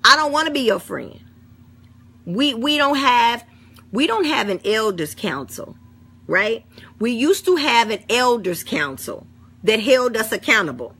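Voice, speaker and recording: A woman's voice: a little high, very animated, unhurried, fairly bright tone, breathy edge. A middle-aged woman with an African American St. Louis accent, talking bluntly and swearing freely in a casual chat. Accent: African American English, St. Louis. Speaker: vlogger. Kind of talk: casual talk to camera.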